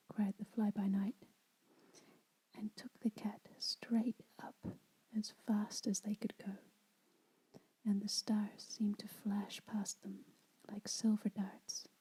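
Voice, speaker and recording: Slow breathy whispering woman. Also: medium pitch, level tone, poor audio. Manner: soft, unhurried whisper. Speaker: ASMR storyteller. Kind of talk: whispered ASMR story reading.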